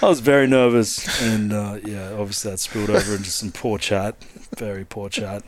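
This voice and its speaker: A man's voice: fairly low pitch, fairly even intonation, moderate pace, crowd noise. A man co-hosting a podcast, chatting casually, laughing often and swearing freely. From Australia. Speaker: podcast co-host. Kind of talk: casual chat.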